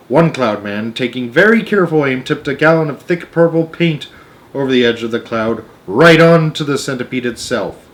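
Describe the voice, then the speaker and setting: A man reading a children's book aloud as storyteller, expressive with varied pacing. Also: mid-range voice.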